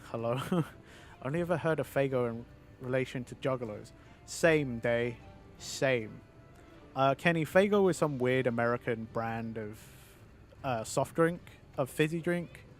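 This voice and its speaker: A man's voice: mid-range voice, measured pace, faint music behind. A British man streaming a game in casual chat, rambling, swearing and answering his viewers.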